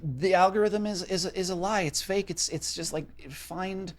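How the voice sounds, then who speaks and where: A man's voice: high-pitched, normal speed. A man co-hosting a casual podcast chat, reading out a list and riffing on it with blunt, offhand swearing. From Minnesota. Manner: swears casually, reads list items then riffs. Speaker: podcast co-host.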